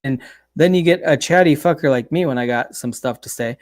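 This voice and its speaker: A man's voice: on the high side, a little fast, no room sound, clean studio sound. A man talking on a casual livestream chat, chatty and profane, telling stories with animation.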